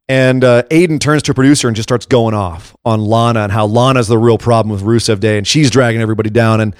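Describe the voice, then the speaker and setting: Man, casual co-host chat, animated retelling, acts out quotes, dry close sound. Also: mid-range voice, fast, few pauses, smooth, dry recording. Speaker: podcast co-host. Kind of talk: casual chat recapping wrestling.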